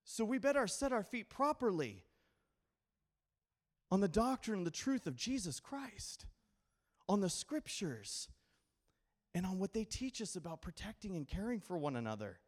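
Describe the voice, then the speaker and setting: High-voiced pastor preaching with humor. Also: male voice, sing-song, normal speed, pauses often. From Idaho. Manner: conversational preaching with call-and-response questions and humor. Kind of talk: sermon.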